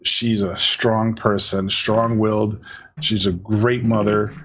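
A man, a father, chatting casually on a podcast, telling stories about his young daughter and acting out her lines in a higher voice. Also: level tone, slow pace, fairly bright tone, lo-fi sound. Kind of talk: casual chat, storytelling.

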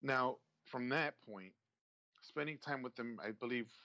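A man's voice: medium pitch, a little slow, sharp tone, no echo, dull audio. A man in casual chat about a movie he watched, often repeating words and restarting his sentences. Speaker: movie discussion co-host.

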